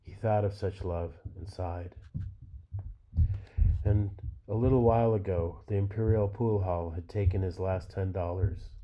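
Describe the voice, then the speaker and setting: A man reading a novel aloud in a measured, unhurried way. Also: sits low. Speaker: reader. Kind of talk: literary fiction reading. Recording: dull lo-fi recording.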